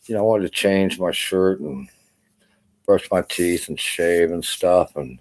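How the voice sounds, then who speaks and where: A worn-out older man talks to his camera in a low, dark, mellow voice. He rambles loosely, swears often and leans on "you know" between every thought. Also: takes it slowly, pauses often. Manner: rambling, profane, full of "you know" fillers. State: exhausted. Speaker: army veteran vlogger. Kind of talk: casual rambling vlog monologue.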